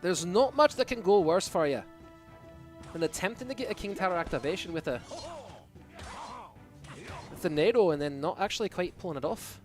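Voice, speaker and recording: Playful Scottish-accented caster, a man putting it on, high voice, live play-by-play over game music. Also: moderate pace, pauses often. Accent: put-on Scottish. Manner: excitable, playful, teasing. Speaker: esports caster. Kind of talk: live esports commentary.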